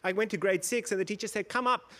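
A middle-aged man from India, a panel guest on stage, telling his story in an animated way, acting out voices and laughing often. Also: high-pitched, fast talker. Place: stage before a live audience.

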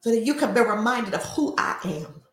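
A woman's voice: on the high side, animated, moderate pace, a bit bright. An older woman hosting a faith talk show, preaching and telling stories in a conversational way. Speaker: host and life coach. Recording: roomy echo.

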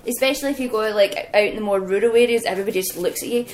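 A young woman, a wrestler, telling lively stories as an interview guest and laughing often. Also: medium pitch, rapid-fire, rough recording. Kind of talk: casual anecdotal storytelling.

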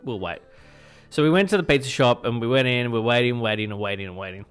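An Australian man hosting breakfast radio, talking quickly and chattily with a mid-range voice. He tells stories with a whinging, joking edge, and faint music plays behind him. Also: medium pitch, lively intonation, a bit bright, smooth. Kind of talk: casual radio chat.

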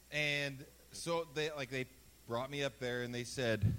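A man hosting a live comedy podcast on stage, telling self-mocking stories in an animated way. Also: medium pitch, measured pace, clean tone. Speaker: podcast host. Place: live stage before an audience.

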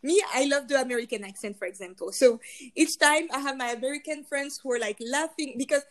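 High-voiced woman with French accent. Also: quick pace. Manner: animated storyteller, quotes others, many restarts. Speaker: guest, luxury beauty executive. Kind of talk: casual interview chat.

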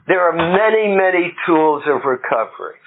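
A man's voice: on the high side, animated, normal speed. A middle-aged man speaking at a recovery meeting, telling plain-spoken stories with self-deprecating humor. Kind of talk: personal recovery talk. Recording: phone-like lo-fi with faint hiss.

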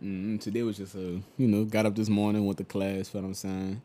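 A man's voice: lowish voice, flat delivery, brisk, mellow. A young man from New hosting a casual podcast with friends, laid-back, laughing often and filling his talk with "you know what I'm saying". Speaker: podcast host. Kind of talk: casual chat.

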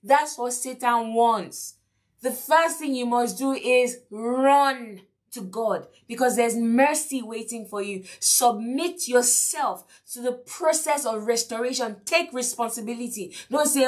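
A woman's voice: a little high, animated, measured pace. Emphatic woman preacher. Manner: emphatic, repeats key lines, asks the listeners questions, acts out quotes. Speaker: preacher and teacher. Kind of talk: sermon lesson.

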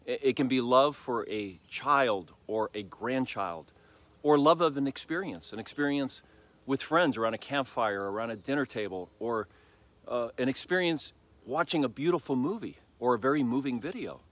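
A man's voice: medium pitch, expressive, fairly bright tone. Earnest older male pastor preaching. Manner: earnest, reflective, with pauses and emphatic rises. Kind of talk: sermon.

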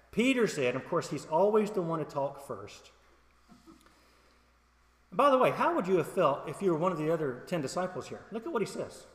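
A middle-aged male pastor giving a conversational sermon with humor, personal stories and questions to the congregation. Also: fairly high pitch. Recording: echoey hall.

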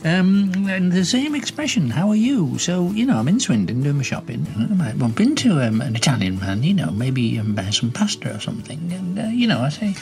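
A man's voice: on the high side, very animated, fairly quick, gravelly, hardly any pauses, darkish tone, faint music behind. A man voicing an elderly woman caller who lives alone, chatting and giggling in a comic phone-in sketch. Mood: chatty. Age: older.

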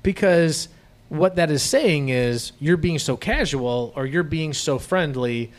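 A middle-aged man hosting a casual business podcast, animated and often acting out customer-service voices. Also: on the high side, unhurried. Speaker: podcast host, business owner. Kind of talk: casual chat.

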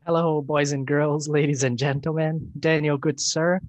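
A man's voice: on the high side, little pitch movement, moderate pace, no room sound, low-quality recording. A man co-hosting a casual podcast, talking in a mock-formal way with dry jokes. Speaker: podcast co-host.

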